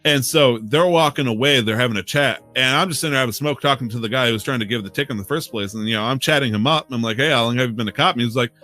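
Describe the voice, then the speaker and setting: A man's voice: medium pitch, rapid-fire, hardly any pauses, bright, forceful tone. A man co-hosting a podcast, telling rambling, profane stories with frequent laughs in a casual chat. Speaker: podcast co-host.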